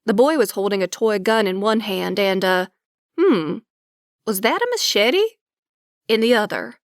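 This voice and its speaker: Wry, lively woman audiobook narrator. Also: medium pitch, moderate pace, no room sound, studio quality. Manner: wry, lively storytelling with character dialogue. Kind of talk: scripted first-person narration.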